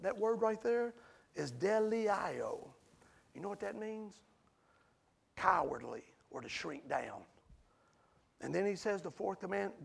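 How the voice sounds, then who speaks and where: A man preaching a sermon emphatically, swinging from hushed asides to near-shouting. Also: high-pitched, creaky, breathy edge.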